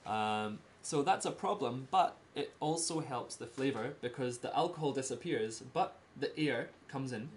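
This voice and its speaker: A man's voice: mid-range voice, lively intonation, a little hiss or hum. Laughing Scottish man giving a talk. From Scotland. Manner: simple slow wording, laughs often. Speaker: presenter giving a talk about Scotland. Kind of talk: casual presentation to a small group.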